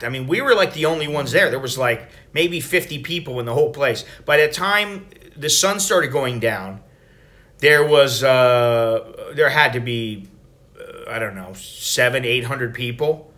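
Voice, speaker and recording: A middle-aged American man talking casually in a travel vlog, rambling and profane as he tells stories. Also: on the high side. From United States. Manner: rambling, profane, animated storytelling. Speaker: travel vlogger.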